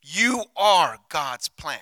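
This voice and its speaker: A male pastor preaching a sermon on a handheld mic, passionate, swinging from hushed, intimate lines to loud declarations. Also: a little high, sing-song, very slow, dry recording.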